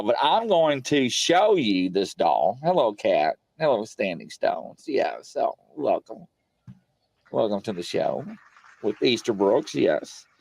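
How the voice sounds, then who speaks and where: A man hosting a paranormal show from his home studio, telling stories in a rambling, animated way full of fillers. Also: medium pitch, gravelly, dry recording. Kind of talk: casual live-stream chat.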